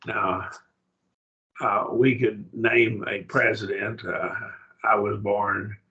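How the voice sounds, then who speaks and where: A man's voice: fairly low pitch, steady tone, takes it slowly, sharp tone, lo-fi sound. An older man teaching a Greek grammar lesson, patient, checking that his student follows. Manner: patient, explains step by step, checks understanding.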